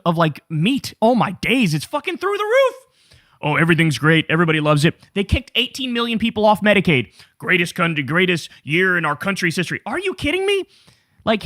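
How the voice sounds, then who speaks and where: A man's voice: high voice, no room sound, studio quality. A man hosting political commentary in a casual, profane, mocking rant. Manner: mocking, animated, swears a lot, says bro.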